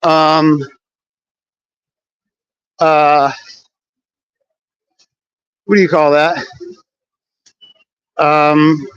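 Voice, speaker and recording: A man's voice: on the high side, little pitch movement, extremely slow, long pauses, fairly bright tone, clean tone, no echo. A man rambling through a profane, slangy story full of fillers while walking city streets near a train station, recorded with dull lo-fi audio. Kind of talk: casual storytelling vlog walking outdoors.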